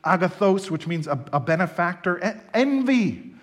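A man preaching a sermon, animated and emphatic as he tells stories. His voice sits fairly high for a man. It rises and falls widely in pitch. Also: moderate pace. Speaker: pastor.

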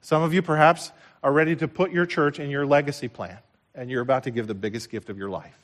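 A man preaching a sermon as pastor, impassioned, swinging from loud declarations to hushed, and repeating phrases for emphasis. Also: mid-range voice, quick pace.

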